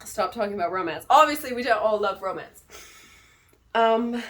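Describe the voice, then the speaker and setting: A woman's voice: on the high side, fairly bright tone. A woman reviewing books on her channel, gushing with enthusiasm and wandering into playful asides. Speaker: book reviewer and author. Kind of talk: casual book review vlog.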